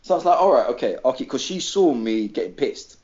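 Animated storytelling man, lively voice. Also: medium pitch, fast, lo-fi sound. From Greece. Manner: animated, swears freely, acts out quoted people. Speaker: podcast regular. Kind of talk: casual storytelling.

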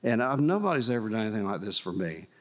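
A man's voice: lowish voice, sing-song, fast. An older man preaching, telling a folksy, emotional testimony with fillers and restarts. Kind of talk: sermon storytelling.

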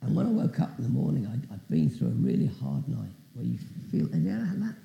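A man's voice: medium pitch, big pitch swings, quick pace, gravelly, roomy sound, muffled recording. A man preaching as a guest speaker, telling a story with asides and questions to the audience. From Britain. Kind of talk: testimony sermon.

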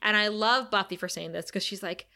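A woman co-hosting a casual chat, retelling a TV episode with animated energy and dropping her voice to quote characters. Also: mid-range voice, a little fast, creaky. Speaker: podcast co-host recapping a TV episode.

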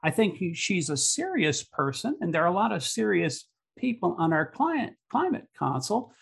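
A man speaks in a gravelly, husky voice that sits a little high. He rambles as he talks, hesitating often and filling pauses with "uh" and "you know.". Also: very animated. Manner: rambling, hesitant, many fillers. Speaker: environmental activist guest. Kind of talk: casual conversation.

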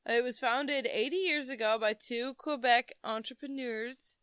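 A woman's voice: fairly high pitch, a little slow, fairly bright tone, clean tone, no echo, studio quality. A woman co-hosting a casual podcast, reading a news article aloud and breaking off with jokes and giggles.

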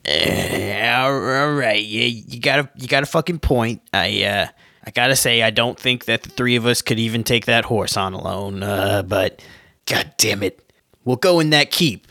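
A man doing a gruff koala bandit in a tabletop game, with a gravelly, bright edge to his voice. He stammers out grudging threats in a dry, close sound. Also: medium pitch, moderate pace, dry recording.

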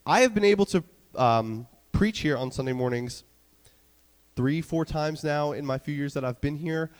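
A man from New York preaching a casual sermon as a church's student director, talking fast with many fillers while a bit stuffy from a cold. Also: fairly high pitch, long reverb tail. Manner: quick-talking, chatty, many fillers and restarts. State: stuffy, getting over a cold. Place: church sanctuary.

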